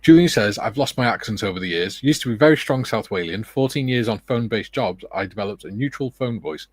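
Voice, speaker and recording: A man with a British accent hosting a relaxed livestream, reading viewer comments aloud and chatting casually with joking asides. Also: on the low side, brisk, dry recording. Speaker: livestream host.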